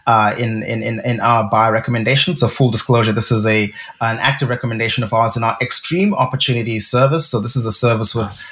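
A man's voice: medium pitch, steady tone, quick pace, hardly any pauses, fairly bright tone. A man, a research director, explaining a company in a casual investing chat with frequent ums and uhs.

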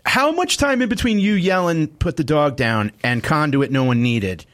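A comedian guest in a relaxed conversation, chummy and quick to agree and laugh. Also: male voice, a little high. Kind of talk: casual chat.

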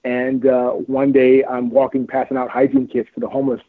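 A husky, breathy-edged man preaches fervently, hammering his points with repetition. His voice is dry and close, squeezed through thin phone-line audio. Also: medium pitch, monotone, moderate pace, dry recording. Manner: fervent, repetitive, laughs often. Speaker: guest, street outreach worker. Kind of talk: preachy, emphatic interview talk.

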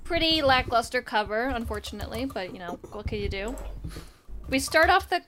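A young woman with a fairly high voice talks through a comic issue in a loose, chatty way. She tosses in wry asides and briefly mimics the characters as she goes. There is a faint hiss behind her. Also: animated, brisk, fairly bright tone. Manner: chatty, wry asides, acts out quoted lines. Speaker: podcast co-host. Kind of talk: casual comic book recap.

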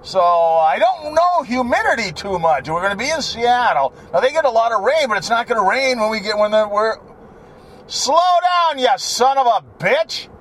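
A man's voice: high-pitched, sing-song, brisk, hardly any pauses, fairly bright tone, a little hiss or hum. A man rambling and joking while he drives his truck, swearing freely in a casual vlog. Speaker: vlogger. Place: inside a truck while driving.

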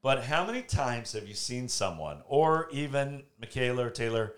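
Male host, casual faith talk recorded at home, animated storytelling with acted-out quotes, mid pitch. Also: moderate pace. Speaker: podcast host.

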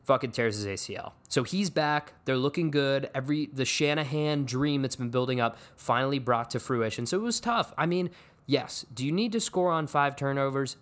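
A man's voice: mid-range voice, moderate pace, a bit bright. Profane ranting man on sports. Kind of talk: casual sports rant.

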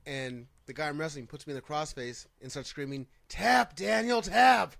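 A man's voice: medium pitch, little pitch movement, a little fast, a bit bright. A man in a casual group chat, skeptical and questioning, thinking his points through aloud. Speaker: podcast co-host and former wrestler.

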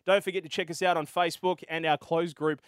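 An Australian man hosting a casual gaming podcast, out of breath and energetic. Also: fairly high pitch, fast talker, clean tone, no echo, studio quality. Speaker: podcast host.

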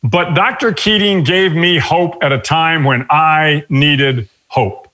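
An older man speaks in an interview, thoughtful and measured, often pausing to reach for the next word. His voice sits a little high for a man and rings bright and forward. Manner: measured, with frequent pauses and fillers. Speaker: guest. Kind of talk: reflective interview storytelling.

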